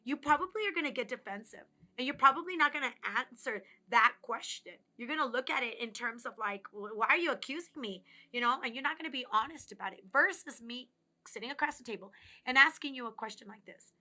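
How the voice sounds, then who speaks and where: A woman's voice: sits high, quick pace, pushed and bright. A woman giving a reflective motivational talk on personal growth, earnest and coaching, speaking straight to the listener and sometimes dropping to a near whisper.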